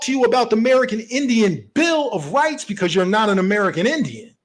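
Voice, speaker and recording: A man's voice: sits high, big pitch swings, brisk, hardly any pauses. A man giving a heated, profane commentary rant, confrontational and argumentative as he rebuts an online opponent.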